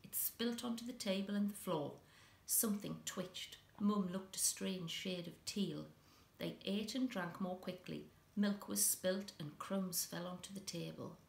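A woman reading a children's story aloud with an expressive, dramatic delivery, in an echoey room. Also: medium pitch, unhurried, vocal fry.

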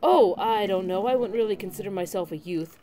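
A woman's voice: medium pitch, brisk, music in the background, lightly acted. A woman voicing an awkward, flustered single dad in a game.

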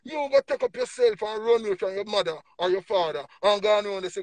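A man with a Jamaican accent preaching emphatically on a livestream, swinging between low murmurs and loud bursts. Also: lively intonation, fast, hardly any pauses. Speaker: livestream speaker.

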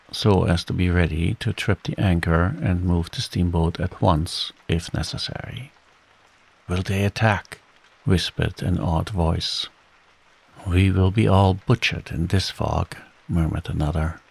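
A soft-spoken man reads a bedtime story in a calm, measured way. His voice sits very low and takes its time. There is a husky, gravelly grain to it. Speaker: audiobook narrator.

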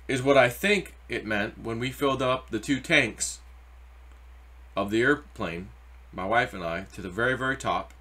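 A man's voice: mid-range voice, lively intonation, moderate pace, a bit bright. A middle-aged man giving casual, rambling crypto market commentary with anecdotes and spiritual asides. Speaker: crypto YouTuber.

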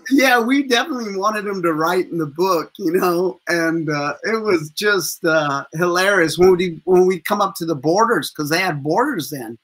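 A man's voice: high voice, normal speed, few pauses. A man in his fifties, a street performer telling profane stories with lots of laughter as a guest. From USA. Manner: animated, profane, laughs often. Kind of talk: casual storytelling interview.

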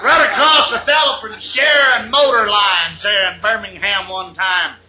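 High-voiced comic telling jokes. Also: male voice, steady tone, measured pace, shouting, dull audio. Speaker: comedian. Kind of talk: stand-up joke telling. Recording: hissy echoey 8-track tape.

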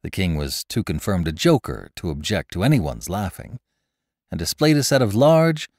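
A man narrating a classic story as a podcast host, in an expressive, theatrical reading on a close studio mic. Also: deep voice, moderate pace, no room sound. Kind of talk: dramatic audiobook reading.

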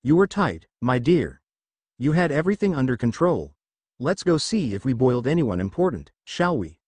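A man's voice: medium pitch, big pitch swings, moderate pace, a little mellow, breathy edge, no echo. A man voicing a boastful young male sun god in a fan story reading, breezy and teasing.

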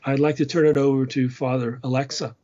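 A man's voice: medium pitch, flat delivery, fairly quick, warm tone. Man lecturing on chant, dull lo-fi sound. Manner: explains patiently, sings short chant phrases. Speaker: music lecturer. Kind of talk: lecture with sung chant examples.

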